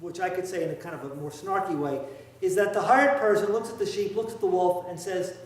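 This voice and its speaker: A man preaching in a church, heard from a distance in a very echoey space with soft room ambience behind him. His voice is fairly high, and he talks in a conversational, wry way, pressing hard on his points. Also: brisk. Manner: conversational, wry, emphatic, with asides. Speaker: priest. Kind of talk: sermon. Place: church sanctuary.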